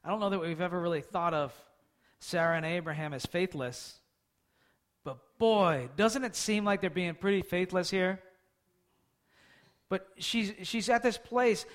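A male preacher with a notably high voice. He preaches conversationally, asking his listeners questions as he goes. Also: a bit bright. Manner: conversational, asks the audience questions. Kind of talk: sermon.

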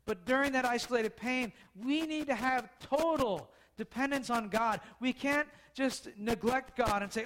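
A man's voice: extremely high pitch, a little slow, few pauses, fairly bright tone, a little hiss or hum. A man preaching a casual storytelling sermon, talking conversationally and asking the listeners questions.

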